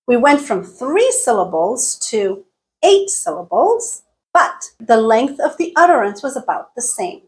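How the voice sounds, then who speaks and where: Woman teaching English with clear, deliberate delivery. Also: on the high side, sing-song. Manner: clear, deliberate teaching with slow demonstration sentences. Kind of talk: online language lesson.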